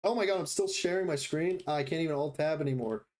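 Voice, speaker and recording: A man's voice: fairly high pitch, quick pace, a little mellow. A man on a live game stream, talking loosely at his desk at home. He jokes at his own expense and breaks into laughter often, keeping the tone light and playful. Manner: joking, self-deprecating, laughs often. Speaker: livestreamer. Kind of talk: casual live-stream chat while gaming. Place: home room next to a busy street.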